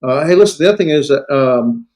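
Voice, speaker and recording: A man tutoring a student one-on-one in Greek grammar, relaxed and encouraging, with many fillers. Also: medium pitch, fast. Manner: relaxed, coaching, filler-heavy.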